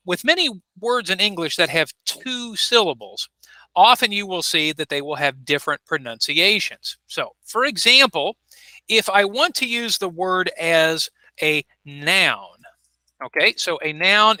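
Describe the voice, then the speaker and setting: Male ESL teacher, clear and patient, bright voice, on a video call. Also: sits high, no echo, low-quality recording. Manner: clear, patient, modeling pronunciation. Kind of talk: online class teaching.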